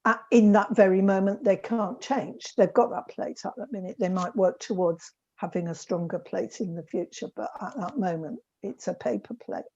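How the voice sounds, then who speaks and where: A woman guest in a live online talk, explaining calmly. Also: mid-range voice, normal speed, vocal fry, hardly any pauses. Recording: dull lo-fi audio.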